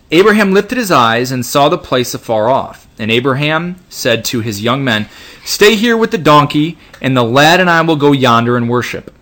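A man leads an informal Bible study, reading scripture aloud and pausing to explain it. His voice sits in a middle range, and his comments come with restarts and small fillers. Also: mid-range voice, pushed and bright. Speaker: Bible teacher.

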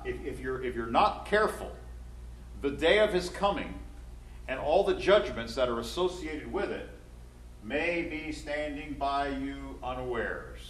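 A man teaching a Bible class, talking with many fillers and restarts and slowing down to stress key words. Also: medium pitch.

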